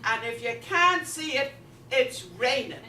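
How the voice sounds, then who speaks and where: A woman voicing a dry-witted old Irish farmer with an Irish accent, delivering deadpan punchlines at a live show in a roomy hall. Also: sits high, unhurried, distant mic, very noisy. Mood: wry.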